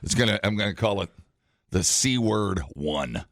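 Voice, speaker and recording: A man's voice: fairly low pitch, expressive, normal speed, a bit bright, no room sound, clean studio sound. A man co-hosting a morning radio show, joking and rambling in casual banter. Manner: jokey, rambling, laughs often.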